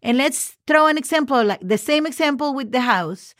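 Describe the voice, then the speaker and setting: A woman's voice: high voice, animated, a bit bright, dry recording, clean studio sound. A woman hosting a casual podcast lesson, patiently spelling words letter by letter and often checking in with "okay". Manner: slows down for example sentences. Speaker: Spanish teacher podcast host.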